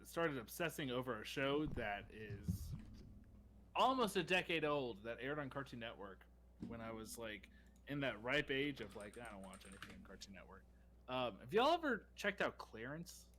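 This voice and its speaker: Young man, podcast co-host, bright tense voice, rambling casual chat, faint hum behind. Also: mid-range voice, very animated, normal speed. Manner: rambling, enthusiastic, many fillers.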